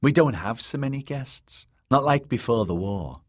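A man's voice: mid-range voice, lively intonation, moderate pace, voice pushed up, natural voice. A man voicing a wary, blunt ten-year-old girl who runs an inn, read as an audiobook character. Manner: blunt, suspicious.

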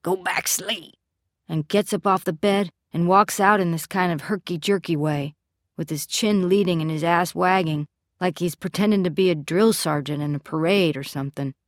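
A woman giving scripted first-person narration of a story in a measured, steady storytelling delivery. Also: lowish voice, dry recording, clean studio sound. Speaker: audiobook narrator.

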